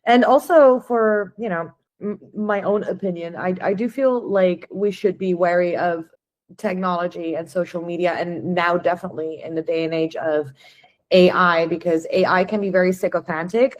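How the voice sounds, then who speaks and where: A woman hosts a podcast conversation in a somewhat low voice. She asks curious, thoughtful questions in a relaxed, unscripted way and now and then restarts her sentences. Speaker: podcast host. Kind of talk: casual conversational interview.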